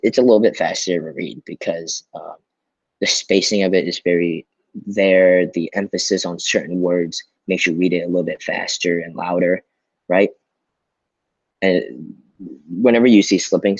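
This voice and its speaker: Low, husky male teacher. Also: a little mellow, no echo, dull audio. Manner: explains patiently, often checks in with "right?". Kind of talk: recorded online class lesson.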